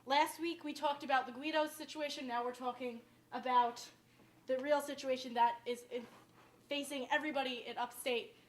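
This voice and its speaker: A woman's voice: high voice, fairly even intonation, moderate pace. A young woman from Westchester with a downstate New York accent, hosting a casual home cooking video and rambling as she chats between steps. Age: young adult. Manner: chatty, rambling, says "like" often. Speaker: cooking show host.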